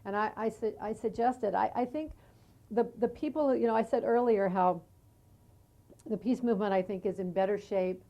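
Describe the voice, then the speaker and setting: Middle-aged woman from the us, warm mellow voice, earnest and thoughtful on a tv studio couch. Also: medium pitch, normal speed. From United States. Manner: earnest, reflective, with small restarts. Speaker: guest, singer and peace activist. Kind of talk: studio talk show conversation. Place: community TV studio.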